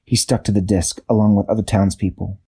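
Husky, low-voiced man telling a story. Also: flat delivery, dark tone. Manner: unhurried, searching for words, with small self-corrections. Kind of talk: improvised bedtime story narration.

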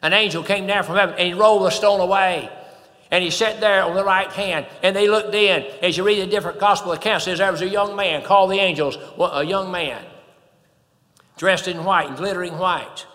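A man's voice: high-pitched, steady tone, brisk, sharp tone, long reverb tail. A man preaching a sermon, emphatic, swelling and dropping in volume.

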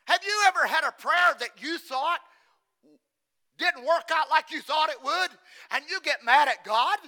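A man preaching a sermon, shifting from shouted lines to hushed, near-whispered ones and repeating phrases for emphasis. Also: very high-pitched, expressive, unhurried.

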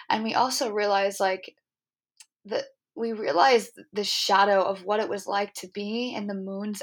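Woman, young adult, podcast host, earnest, emotional, rambling storytelling. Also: medium pitch. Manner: earnest, emotional, spiritual storytelling with many fillers and restarts.

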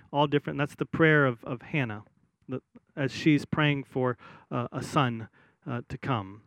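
Guy preaching a sermon, kinda high voice, chatty with lots of uh's, slow and solemn on the scripture bits. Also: dry recording. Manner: conversational, many fillers and restarts; reads scripture slowly and solemnly. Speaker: pastor.

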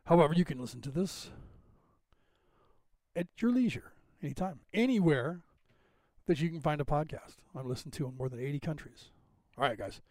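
A man's voice: on the high side, animated, moderate pace, long pauses, a little mellow, no echo. A man in his fifties with a West Coast American accent, hosting a podcast livestream in a rambling, casual way while he sets up the screen. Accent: General American, West Coast. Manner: rambling, chatty, thinks aloud while fixing the screen. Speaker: podcast host.

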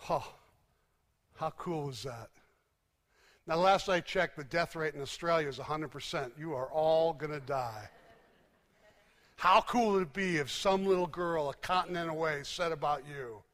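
A man preaching a sermon, telling stories emphatically and dropping to hushed, low endings. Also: a little slow, long pauses. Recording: long hall reverb.

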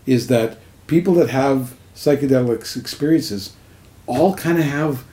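A man co-hosting a podcast in a casual chat, eager and quick to agree. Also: mid-range voice, mellow. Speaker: podcast co-host.

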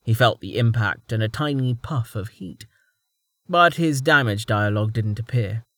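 A man narrating a fantasy audiobook in an expressive reading style. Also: mid-range voice, normal speed, dry recording.

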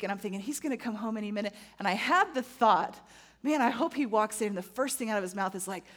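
A woman in her thirties preaching a sermon in a conversational, animated way, often checking in with the audience. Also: mid-range voice. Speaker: pastor.

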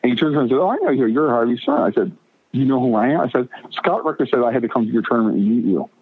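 A man's voice: medium pitch, very fast, husky, no room sound. Middle-aged guy telling a rambling story, stammers a lot, dry tinny phone sound. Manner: rambling, stammering restarts, animated retelling of quotes. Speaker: guest. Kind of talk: casual storytelling.

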